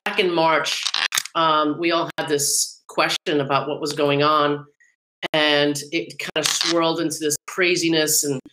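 A woman hosts a casual podcast, her low voice still ringing bright and forward. She chats loosely, wandering through her points with fillers and little laughs. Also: low-quality recording. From New York / New Jersey area. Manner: chatty, rambling with fillers and occasional laughs. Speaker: podcast host.

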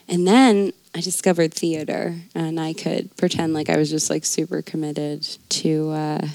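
A woman's voice: low-pitched, little pitch movement, moderate pace, few pauses, darkish tone, no room sound. A woman co-hosting a comedy podcast, with a sibilant S that is almost a lisp, talking in a playful, rambling, self-mocking way. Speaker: podcast co-host. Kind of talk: casual comedic banter.

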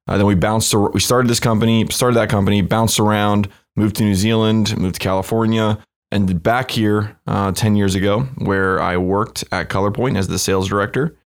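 Relaxed low-voiced young man. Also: normal speed, clean tone. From United States. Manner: relaxed, easygoing, conversational. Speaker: startup co-founder, podcast guest. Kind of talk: casual podcast interview.

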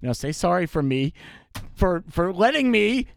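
A man's voice: sits high, big pitch swings, a little slow, creaky. A man hosting a podcast in casual chat, teasing the others and leading segments. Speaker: podcast host.

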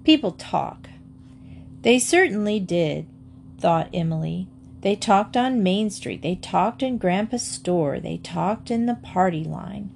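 A woman's voice: medium pitch, unhurried, creaky, darkish tone, slight background noise. Woman reading a children's story aloud. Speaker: audiobook narrator. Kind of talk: scripted narration of a children's book.

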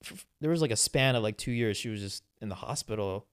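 A young man co-hosting a podcast who talks candidly in casual chat, often halting and restarting his sentences. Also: lowish voice, clean tone. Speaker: podcast co-host.

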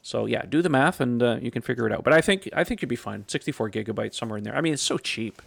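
A man hosts a casual podcast, his voice gravelly with plenty of fry. He talks in a relaxed, rambling way and trails off at the ends of thoughts. The sound is dry and close, with no room around it. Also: mid-range voice, rapid-fire, no echo. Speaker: podcast host.

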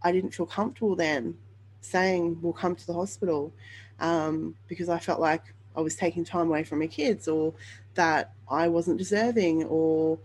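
A woman's voice: on the low side, steady tone, normal speed, a little mellow, slight background noise, poor audio. A woman hosting a podcast, telling her own story in an earnest, open way with frequent ums and self-corrections. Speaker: podcast host sharing her birth story. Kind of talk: candid personal storytelling monologue.

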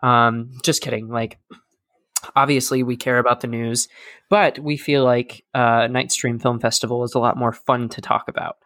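A man's voice: medium pitch, steady tone, moderate pace, a bit bright, dry recording, clean studio sound. A young man hosting a podcast in casual chat, talking loosely with many fillers and joking at himself. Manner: chatty, filler-heavy, self-deprecating. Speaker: podcast host.

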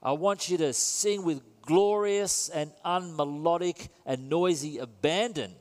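A man's voice: fairly high pitch, unhurried, a little mellow. A man preaching a sermon in a church, conversational and earnest, with self-deprecating asides. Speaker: pastor. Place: church building. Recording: long reverb in a church hall.

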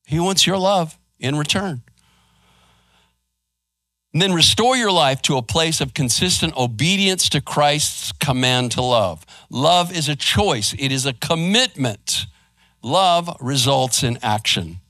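A man's voice: a little high, bright, forceful tone, no room sound, studio quality. A man preaching a sermon as pastor of his church, in a conversational style with frequent asides like "right?" and "man.". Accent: Texan. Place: church sanctuary.

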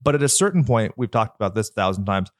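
A man's voice: fairly low pitch, fast talker, dry recording. Man, nasal voice, podcast co-host, rambling casual chat, dry close mic. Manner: rambling, candid, lively.

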